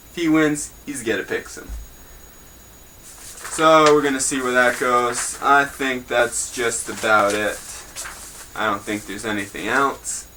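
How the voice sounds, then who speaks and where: A man's voice: mid-range voice, pushed and bright, a little hiss or hum, low-quality recording. A young man hosting a homemade news show in a rambling, crude, joking way. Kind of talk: casual mock newscast.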